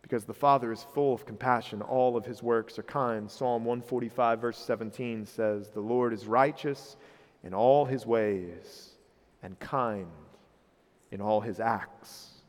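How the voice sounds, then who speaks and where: A man's voice: medium pitch, steady tone, unhurried. A man in his thirties preaching a sermon as a pastor, earnest and rising in emphasis when he retells the story. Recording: reverberant hall.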